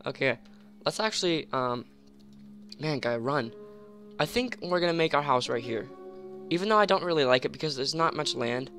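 A young man giving rambling, excitable commentary on a game at home, full of fillers and sudden yelps. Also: a little high, normal speed, long pauses, soft background music. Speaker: gamer. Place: home room.

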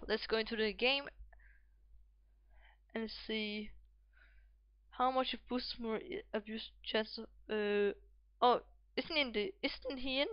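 A woman hosting a gameplay video, musing to herself and reeling off player names as the match runs. She speaks at an unhurried pace with a smooth, clean tone. The recording sounds dull and a bit lo-fi. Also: fairly high pitch, no echo. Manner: thinks aloud, calls out player names. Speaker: gaming video host. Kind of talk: casual game commentary.

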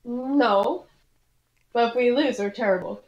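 A woman's voice: fairly high pitch, a little slow, roomy sound, lo-fi sound. A woman chatting casually while playing an online game, shrieking in panic when things go wrong. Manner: animated, squeals and shrieks in panic. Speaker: gamer. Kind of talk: casual gaming chat.

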